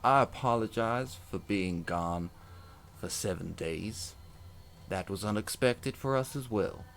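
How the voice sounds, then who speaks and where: A man's voice: lowish voice, unhurried, gravelly, a bit bright, slight background noise. A British man voicing a male ship captain who gives formal, clipped orders. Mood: commanding.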